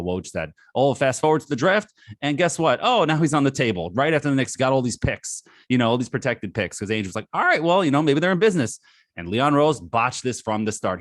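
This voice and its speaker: A man's voice: medium pitch, no room sound, studio quality. A man co-hosting a sports podcast, ranting angrily and exasperated. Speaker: podcast co-host.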